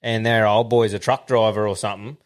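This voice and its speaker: A man's voice: fairly low pitch, little pitch movement, fairly quick. An Australian man co-hosting a podcast in casual chat. He laughs often and swears freely. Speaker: podcast co-host.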